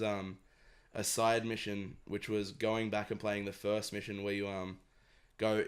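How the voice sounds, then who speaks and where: A young man chatting casually as a podcast co-host. His voice sits a little low for a man. He talks in a laid-back, self-deprecating way, with a shrugging apathy. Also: clean tone. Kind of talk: casual chat.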